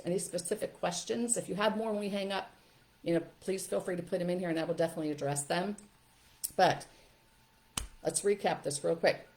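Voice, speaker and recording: An older woman, a parenting educator, talking in a casual, chatty way during a live question-and-answer session. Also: lowish voice. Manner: chatty, animated, laughs often. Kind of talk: live webinar Q&A.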